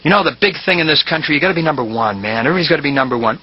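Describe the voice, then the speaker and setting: Fast, lively high-voiced man comic. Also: highs cut off. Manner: animated, mocking yells. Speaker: stand-up comedian. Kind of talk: stand-up monologue.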